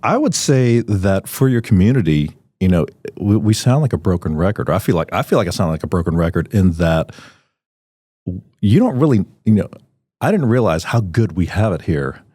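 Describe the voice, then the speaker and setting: Low-voiced guy rambling on a podcast, lots of "you know", dry studio sound. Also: very animated, normal speed, mellow, no room sound. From Filipino family. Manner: rambling, many fillers and restarts, laughs easily. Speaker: podcast co-host. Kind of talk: casual chat.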